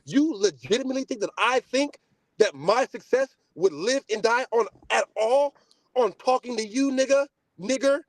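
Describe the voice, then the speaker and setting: A young man hosting a podcast, ranting in a boastful, profane, casual way, swinging between loud outbursts and low mutters. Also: expressive, moderate pace, dry recording. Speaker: podcast host. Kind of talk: heated casual podcast rant.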